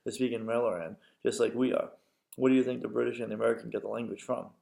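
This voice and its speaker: A man's voice: mid-range voice, flat delivery, fast, vocal fry, dark tone, roomy sound. A man voicing a curt, impatient young woman in a storybook read-aloud. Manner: curt, dismissive.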